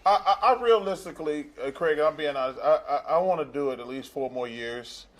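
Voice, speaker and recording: A man's voice: fairly high pitch, brisk, a bit bright. A man in his fifties, a studio analyst in casual panel chat, who talks emphatically and repeats himself to get the floor.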